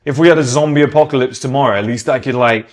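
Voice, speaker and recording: A man's voice: medium pitch, quick pace. A British man giving a casual, opinionated monologue. He talks with emphasis, swears freely and acts out the people he quotes. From Britain. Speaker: podcast host.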